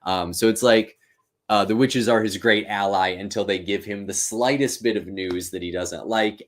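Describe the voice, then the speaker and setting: A man hosting a live-streamed reading and commentary, talking casually and thinking aloud with fillers. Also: low-pitched. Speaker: teacher and host.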